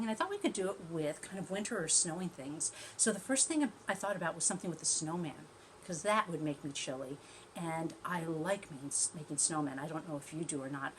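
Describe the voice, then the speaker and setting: A woman teacher reading a storybook aloud to young children, gently chatty and asking them questions as she goes. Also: lowish voice, a little hiss or hum.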